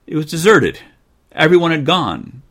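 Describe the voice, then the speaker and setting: Husky low-voiced guy reading a kids' story on his podcast, lively pitch. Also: moderate pace. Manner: expressive, dryly joking. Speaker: podcast host.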